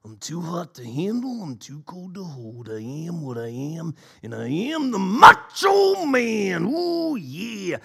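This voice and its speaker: A man doing an impression of a flamboyant male wrestler, with a raspy growl and drawn-out showy catchphrases. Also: high-pitched, very animated, bright, forceful tone, pitched above the performer's own voice, heavily acted. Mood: boastful.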